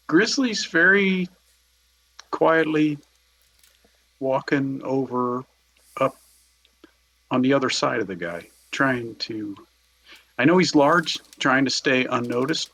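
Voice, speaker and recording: A man's voice: mid-range voice, vocal fry, a bit bright, low-quality recording. A man playing a tabletop role-playing game, describing his character in an easygoing way. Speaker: player.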